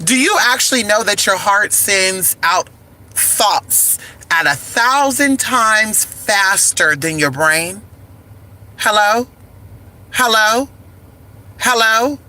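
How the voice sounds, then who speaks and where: A woman's voice: mid-range voice, animated, slow pace, sharp tone. A woman hosting a casual spiritual talk, sassy and campy, dropping "honey" and "girl" between sentences. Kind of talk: casual spiritual talk with singing along to music. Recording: faint music behind.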